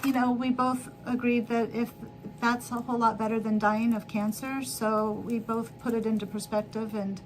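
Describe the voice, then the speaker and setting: A middle-aged woman hosting a sewing livestream talks casually as she sews, her voice a little high with a level tone and normal speed. Her long, meandering story is dotted with laughs and self-corrections. The recording is rough, with a little hiss or hum.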